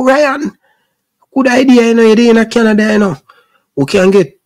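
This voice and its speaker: A man's voice: high-pitched, a little mellow. A middle-aged man from Jamaica with a Jamaican accent, hosting his own sports channel and talking straight to his viewers in an impassioned, preachy Patois. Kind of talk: casual rant to camera.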